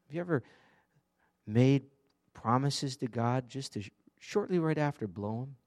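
A man's voice: mid-range voice, expressive, measured pace, a little mellow. A man preaching an earnest, conversational sermon, often asking the congregation direct questions. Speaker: pastor.

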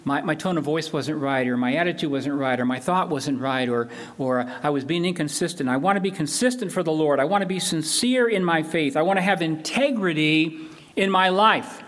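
A man's voice: on the high side, moderate pace, a bit bright. An older man preaching a sermon as pastor, earnest and emphatic, repeating key phrases.

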